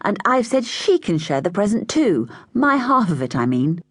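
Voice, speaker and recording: A woman's voice: mid-range voice, big pitch swings, moderate pace, husky, dry recording, voice pushed up. A woman doing a fierce, defiant schoolgirl. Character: bold, defiant schoolgirl, stubborn.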